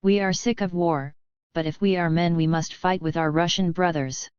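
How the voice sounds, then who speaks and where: Austrian officer man, urgent rousing appeal, low smooth voice read by a woman, dull dry recording. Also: steady tone, normal speed, a little mellow, dry recording, close to an everyday voice. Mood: urging. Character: impassioned Austrian officer addressing prisoners.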